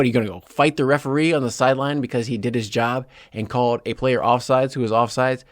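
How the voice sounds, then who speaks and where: A man's voice: mid-range voice, dry recording, clean studio sound. A man hosting a solo sports podcast, talking in an opinionated, heated and sarcastic way with lots of "like" fillers. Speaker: podcast host.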